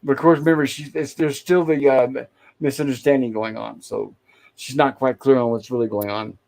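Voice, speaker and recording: A man's voice: mid-range voice, steady tone, moderate pace, creaky, darkish tone, poor audio. A man hosting a casual review show, retelling old sitcom scenes and quoting the characters in his own voice. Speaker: host. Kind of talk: casual episode recap, reading scenes aloud.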